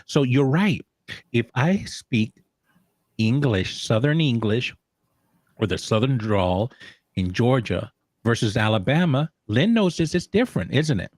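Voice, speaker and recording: Lively storytelling man, dry close mic. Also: mid-range voice, unhurried, dry recording. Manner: animated storyteller, laughs often, many restarts. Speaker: co-host of a social media talk show. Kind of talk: casual chat.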